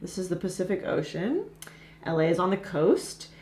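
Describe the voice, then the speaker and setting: Brief: woman from LA, low-pitched, chatty teacher with plenty of "um" and "like". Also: sing-song, moderate pace, darkish tone, slight background noise. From Los Angeles, USA. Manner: chatty, explains with many fillers. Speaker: English teacher and co-host. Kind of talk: casual explaining chat.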